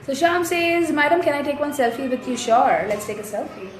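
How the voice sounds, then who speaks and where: Young woman with a fairly high voice, reading fans' comments aloud and answering them in easy casual chat; the sound is roomy. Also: expressive, a little fast. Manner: reads out fan comments and replies chattily. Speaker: actress answering fans. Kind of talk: casual live fan Q&A. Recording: roomy echo, faint noise.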